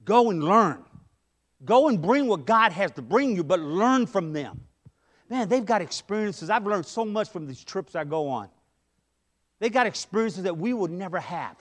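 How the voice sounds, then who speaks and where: Man, high voice, pastor, conversational sermon, church, storytelling asides. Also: animated, normal speed. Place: church sanctuary.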